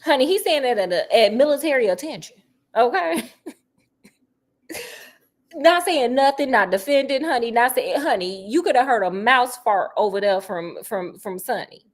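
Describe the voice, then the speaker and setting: Casual cooking vlogger: woman, bit high-pitched, sassy running commentary. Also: expressive, moderate pace. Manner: sassy, chatty, full of asides like honey and girl. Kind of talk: casual chat while cooking.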